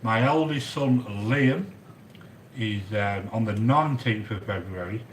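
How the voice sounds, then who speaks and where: A man hosting a chatty cooking stream from a home kitchen, rambling excitedly and answering viewers by name. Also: on the low side, measured pace. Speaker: cooking video host. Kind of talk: chatty cooking livestream monologue. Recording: echoey room with faint background noise.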